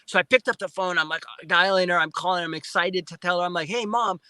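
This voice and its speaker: A male guest on a live interview recounting a personal experience in animated storytelling, restarting and repeating words often and acting out his own remembered speech. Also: high voice, fast, smooth, no room sound, low-quality recording. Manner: excited retelling with frequent restarts and repeated words; acts out his own past speech in quotes. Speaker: guest, film producer.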